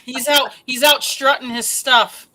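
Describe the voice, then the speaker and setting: A woman co-hosting a live-stream talk show, chiming in with playful quips and quick agreement. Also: high-pitched, fairly even intonation, pushed and bright. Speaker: co-host. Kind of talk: casual live-stream chat.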